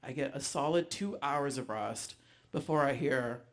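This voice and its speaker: A man telling a personal story live on stage, animated, acting out voices, with frequent ums. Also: mid-range voice, unhurried, very noisy. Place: stage before a live audience.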